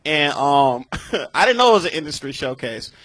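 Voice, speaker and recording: A man's voice: fairly high pitch, very animated, normal speed, a bit bright, no room sound. A male comedian casually telling a profane story about an early set on a live comedy podcast. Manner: loose, profane, laughing storyteller. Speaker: comedian guest.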